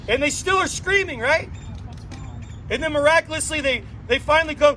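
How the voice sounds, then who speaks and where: A man with a strikingly high voice addresses a circle gathered outdoors, speaking in an inspirational, playful way and dotting his talk with rhetorical questions. Faint noise sits behind him. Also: a little fast, low-quality recording. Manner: asks frequent rhetorical questions; playful and animated storytelling. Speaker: drum circle leader.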